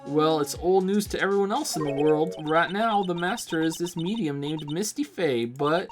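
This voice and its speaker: A man's voice: a little high, moderate pace, over music, lightly acted. A man voicing a bubbly young female photographer in an exaggerated, cartoonish Southern drawl. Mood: gossipy. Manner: folksy cartoonish Southern drawl imitating a goofy cartoon dog.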